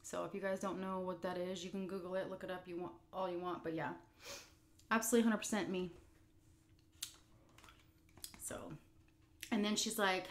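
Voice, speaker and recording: A woman's voice: lowish voice, slight background noise. A woman vlogger telling a story while eating, candid and blunt, rambling with fillers. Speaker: mukbang vlogger.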